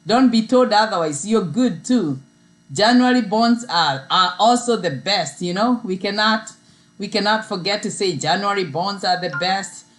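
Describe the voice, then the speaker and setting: A woman's voice: mid-range voice, moderate pace, rough recording. A woman hosting a casual livestream, chatting with viewers and often repeating herself. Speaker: livestream host. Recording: mains hum in background.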